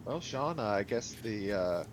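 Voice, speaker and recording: A man's voice: on the low side, animated, measured pace, slight background noise. A man playing a tabletop game, talking hesitantly with lots of fillers. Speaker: player.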